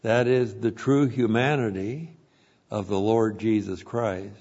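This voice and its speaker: A man's voice: lowish voice, steady tone, slow, darkish tone, breathy edge, muffled recording. A man teaching verse by verse through a Bible epistle, explaining the Greek grammar and stressing key words by repeating them.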